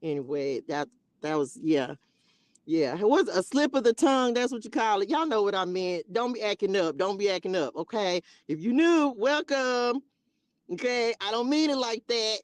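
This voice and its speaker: A woman's voice: medium pitch, lively intonation, moderate pace, no room sound. A woman hosting a spiritual live stream, chatting casually and playfully with her viewers in a loose, slangy way.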